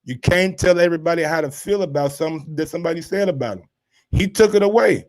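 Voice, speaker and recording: A man hosting boxing commentary, reacting to social media posts in animated, slangy casual talk with drawn-out exclamations. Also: on the high side.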